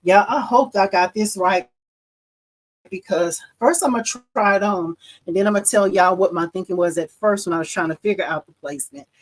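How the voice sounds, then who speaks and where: A woman's voice: mid-range voice, a little fast, rough recording. A middle-aged woman hosting a casual live embroidery demo, chatting with viewers and laughing often. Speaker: embroidery livestream host.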